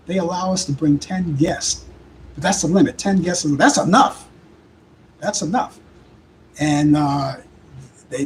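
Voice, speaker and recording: An older man with a thick Brooklyn accent hosts a live talk show, his voice hoarse and worn out. He rambles and restarts his sentences, talking in a somewhat high register. A faint hiss of background noise sits under the voice. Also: poor audio. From Brooklyn, New York. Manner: rambling, repeats himself, halting restarts. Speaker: host. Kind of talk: casual live show chat.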